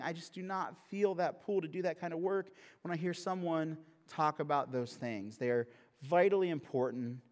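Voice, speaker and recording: A male pastor preaching a sermon in a humorous, conversational way that turns earnest. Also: a little high. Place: church sanctuary. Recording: long reverb of a large hall.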